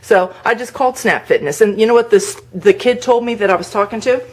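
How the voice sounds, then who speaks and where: A woman's voice: medium pitch, brisk, darkish tone. A woman talks straight to her camera in a casual vlog, venting with plain indignation. She recounts exchanges and her own replies in an everyday speaking voice. The sound is of a handheld camera inside a parked car. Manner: indignant, venting, retells conversations. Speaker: vlogger.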